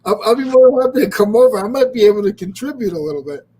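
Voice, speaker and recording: A man in his forties with a high, husky voice chats and jokes with his guest. His tone is dark and mellow rather than bright. He keeps the talk light and teasing. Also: expressive, rapid-fire. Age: 40s. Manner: joking, teasing. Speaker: podcast host. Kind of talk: casual chat. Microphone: video call.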